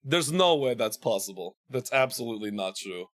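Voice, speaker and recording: A worn-out man chats casually while streaming a game, full of self-mocking jokes. His voice sits at an ordinary middle pitch. Faint music plays under the talk. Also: expressive, normal speed, fairly bright tone. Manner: joking, self-mocking, greets chat viewers by name. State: tired. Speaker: streamer hosting his channel.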